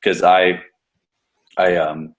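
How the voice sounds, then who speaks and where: A man's voice: deep voice, flat delivery, drawn-out words. A man, a gym coach, talking casually and at length about a client, with many restarts and casual swearing. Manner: rambling, profane, many restarts. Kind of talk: casual podcast discussion.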